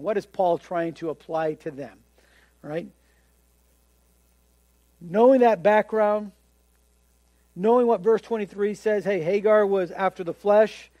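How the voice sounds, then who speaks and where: Heard in a dry recording that sits close with no room around it, a pastor preaches in a high, lifted voice. He's animated, mimicking the people he quotes and tripping over repeated words as he's carried along.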